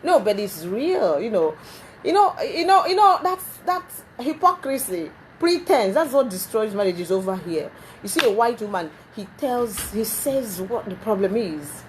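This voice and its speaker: A woman hosting a talk show, speaking in an emphatic, animated way and often repeating herself, recorded in a TV studio. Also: a little high, measured pace, a little hiss or hum.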